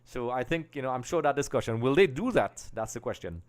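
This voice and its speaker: A man from Trinidad and Tobago hosts a live football watch-along in a medium-pitched, expressive, slightly fast voice. As the live stream host, he chats casually, greets viewers and reads out their comments.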